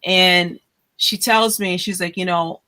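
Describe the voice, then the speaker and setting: A woman's voice: on the low side, slow pace, clear, resonant tone. A woman hosting a casual podcast chat, telling stories and acting out the voices of people she quotes. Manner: animated storyteller, acts out quoted voices. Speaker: host.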